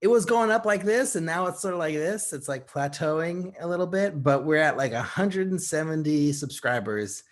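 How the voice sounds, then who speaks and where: A man's voice: a little high, moderate pace, hardly any pauses. A man co-hosting a filmmaking podcast in casual chat, rambling with lots of fillers and frequent laughs. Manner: rambling, many "like" and "you know" fillers, laughs often. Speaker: podcast co-host.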